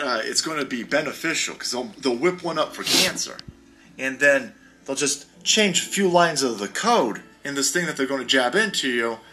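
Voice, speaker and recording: A man's voice: fairly high pitch, sharp tone. A man hosting a podcast, delivering a heated, sarcastic and profane rant. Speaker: podcast host. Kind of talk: ranting podcast commentary.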